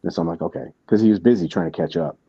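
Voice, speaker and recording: A man's voice: deep voice, rapid-fire, mellow, slightly rough, no room sound, muffled recording. A man hosting a podcast, telling a story in casual chat, with lots of restarts and asides. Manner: rambling storytelling with many restarts. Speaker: podcast host.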